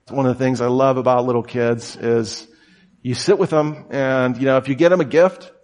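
A man's voice: steady tone, moderate pace. Casual storytelling male pastor. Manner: casual and storytelling, many "you know" and "like" fillers; acts out quoted voices with sudden high shouts. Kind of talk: conversational sermon.

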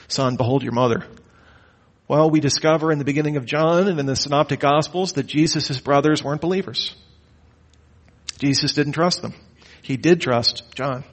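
A man teaching a Bible lecture, with a lively, questioning delivery and mock-incredulous asides. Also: on the high side. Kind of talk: lecture on the Gospels.

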